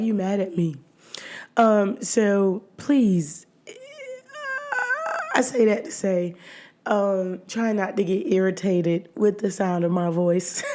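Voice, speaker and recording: A woman hosting her own podcast in a casual solo chat, her voice hoarse and nearly gone, chatty and often laughing between phrases. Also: mid-range voice, a little mellow. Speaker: podcast host.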